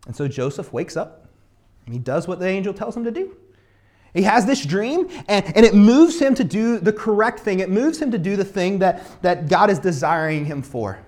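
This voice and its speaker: Animated man preaching a casual sermon. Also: sits high, moderate pace. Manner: animated storytelling, acts out biblical characters casually. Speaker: pastor.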